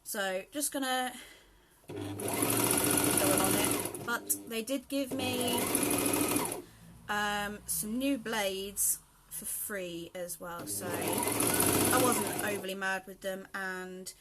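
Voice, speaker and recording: A woman's voice: medium pitch, drawn-out words, pauses often, very noisy. Chatty British woman sewing at home. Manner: chatty and rambling, with frequent ums and laughs. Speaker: sewing vlogger. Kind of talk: casual chat while sewing.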